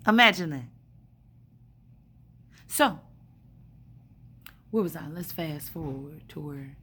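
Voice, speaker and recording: In a low-pitched, slightly rough voice with a bright, forceful tone, a woman tells a wandering story from a hospital room. She's a spiritual vlogger, and her casual monologue is blunt, profane, and thick with fillers.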